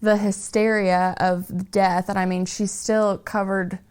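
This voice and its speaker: Flat-toned woman podcast host. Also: mid-range voice, takes it slowly, clean tone. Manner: empathetic, reflective, restates guest's feelings. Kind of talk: conversational interview.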